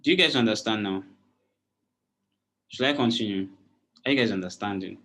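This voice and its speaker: A man's voice: lowish voice, normal speed, fairly bright tone. A man teaching a live online design class, explaining step by step and often checking whether his students understand. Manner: repeats checking questions to students. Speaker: design instructor.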